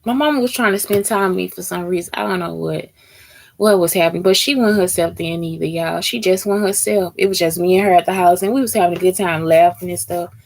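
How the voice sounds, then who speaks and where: A woman hosts a casual chat, bluntly answering question prompts and cursing a lot as she talks straight to her listeners, calling them "y'all." Her voice is fairly low, gravelly, and darkish in tone, and she speaks fairly quickly.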